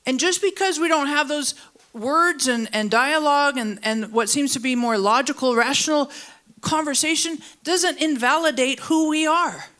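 A high-voiced female pastor gives an animated sermon at a church service that also goes out online, reaching people both present and remote. Key points rise sharply in pitch before she settles low and slow, and she has the congregation fill in the missing words.

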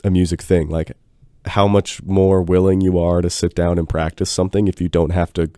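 Young male co-host, very low and mellow, stuffy-nosed, rambling. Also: level tone, moderate pace, dry recording, clean studio sound. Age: young adult. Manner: easygoing, rambling storyteller. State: congested from a cold. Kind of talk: casual chat. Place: college radio studio.

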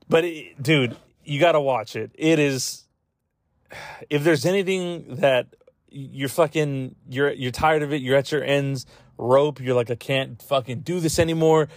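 A man chatting loosely on a podcast, swearing and rambling through fillers while he chokes up near tears. His voice sits at an everyday middle pitch. The sound is dry and close, with no room echo. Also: a little slow. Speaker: podcast host. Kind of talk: casual podcast chat.

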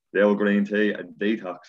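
Guest, Irish man, deep husky voice, quick and animated, muffled lo-fi recording. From Ireland. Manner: animated storyteller, swears freely. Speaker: podcast guest. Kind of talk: casual chat. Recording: dull lo-fi sound.

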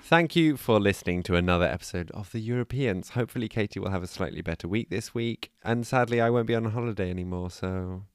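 A man's voice: fairly low pitch, fast, hardly any pauses. A man co-hosting a podcast, telling a story in a chatty, amused, self-deprecating way. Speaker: podcast co-host. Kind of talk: casual chat and storytelling.

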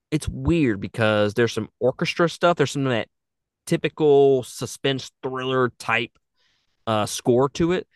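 A man's voice: mid-range voice, no echo, clean studio sound. A man chatting casually about a movie, swearing and laughing often. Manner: laughing, profane, animated. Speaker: podcast co-host. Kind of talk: casual movie review chat.

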